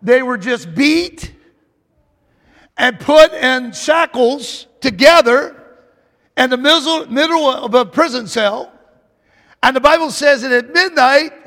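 A man's voice: extremely high pitch, expressive, takes it slowly, long pauses, a bit bright. A man preaching a sermon in a fervent, emphatic way, repeating phrases as he builds. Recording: long hall reverb.

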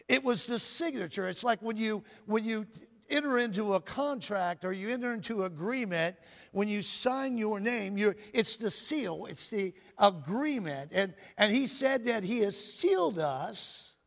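High-voiced preacher in an echoing hall. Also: male voice, fairly bright tone. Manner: prayerful, emphatic preaching with call-and-response asides. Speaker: pastor. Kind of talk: sermon. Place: church sanctuary.

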